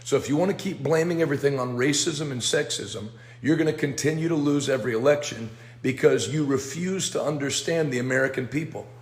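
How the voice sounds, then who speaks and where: Male commentator, firm lecturing delivery, mid-pitched, reverberant room. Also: fairly quick, few pauses. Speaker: political commentator. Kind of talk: scripted commentary. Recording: roomy echo.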